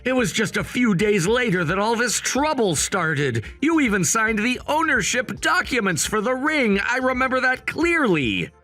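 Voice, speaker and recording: A man's voice: extremely high pitch, big pitch swings, normal speed, few pauses, sharp tone, soft background music, heavily acted. A man voicing a calculating grown son who talks in a firm, matter-of-fact way, in a voiced story drama. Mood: cold.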